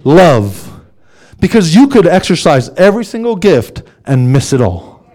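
High-pitched, impassioned male preacher. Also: sing-song, moderate pace, dark tone. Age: adult with young sons. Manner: impassioned, repetitive preaching cadence. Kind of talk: sermon.

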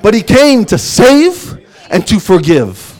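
A man preaching a sermon, emphatic, dropping to hushed asides and then rising to loud exclamations. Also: high voice, wildly swooping pitch, slow pace.

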